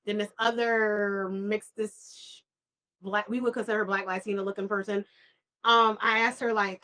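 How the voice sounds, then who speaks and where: Podcast co-host, young woman, bright voice, animated storyteller. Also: mid-range voice. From New York. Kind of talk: casual chat over wine.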